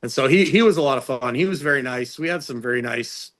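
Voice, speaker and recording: A middle-aged man, a strength and conditioning coach, talking as an interview guest in a casual, rambling storytelling way. He uses lots of fillers and restarts, and he pitches his voice up to act out what other people said. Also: fast talker. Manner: animated storyteller, jumps into higher voices for quotes.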